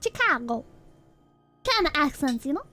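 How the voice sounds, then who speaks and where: A woman's voice: very high voice, very animated, moderate pace, a bit bright. A woman streamer chatting casually with her viewers, giggling a lot and bursting into shrieking laughter as she banters.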